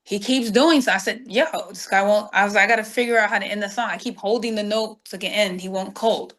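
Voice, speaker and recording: A woman's voice: mid-range voice, fast. A woman guest, telling stories in an interview and acting out the voices of the people in them. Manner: animated storyteller acting out quoted dialogue. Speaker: guest saxophonist. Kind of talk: storytelling interview.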